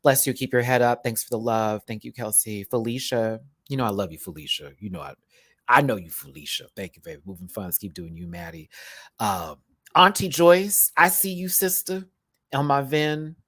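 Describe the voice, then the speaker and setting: A man with a Southern US accent chatting casually on a livestream from a hotel room, animated and full of terms of endearment. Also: medium pitch, moderate pace, no room sound, clean studio sound. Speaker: YouTube host.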